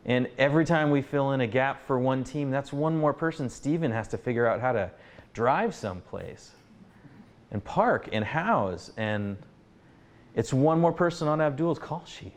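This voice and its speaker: A man with a mid-range voice explains things calmly on a panel. He speaks in a measured, unhurried way. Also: mid-range voice. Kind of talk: panel discussion.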